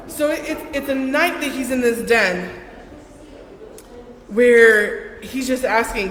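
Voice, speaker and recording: A woman's voice: on the high side, normal speed. A woman preaching a sermon in a conversational way, playfully acting out the Bible figures in short bursts. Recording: echoey hall with long reverb and faint noise.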